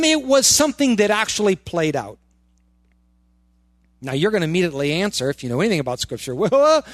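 Lively high-pitched preaching man. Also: dry recording, clean studio sound. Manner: preachy, rhetorical questions, repeats words for emphasis. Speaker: pastor. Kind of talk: sermon. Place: church.

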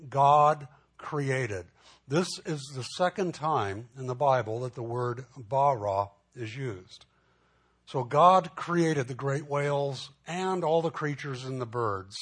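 A pastor giving a sermon, teaching in a conversational way with asides and restarts, growing animated when telling a personal story. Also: male voice, medium pitch.

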